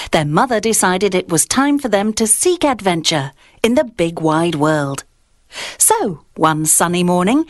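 A woman's voice: medium pitch, no room sound, clean studio sound. A woman reading a children's story aloud in a sing-song storytelling manner on a kids' radio show.

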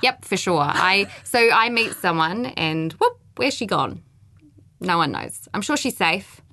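Kiwi woman, 30s, host; low but bright, close and dry, chatty and self-deprecating. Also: sing-song, a little slow, no room sound. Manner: chatty, self-mocking, trails off with fillers. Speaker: podcast host. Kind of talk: casual chat.

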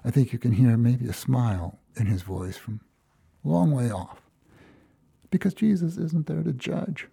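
A man's voice: mid-range voice, unhurried, gravelly, dark tone, slightly rough, no room sound. A man from Minnesota preaching a reflective, storytelling sermon as a pastor, acting out the quoted lines.

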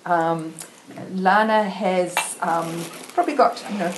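A woman's voice: on the low side, fairly even intonation, takes it slowly, background noise. A woman introducing the guest speaker at a meeting, talking in a casual, hesitant way. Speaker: event host introducing speaker.

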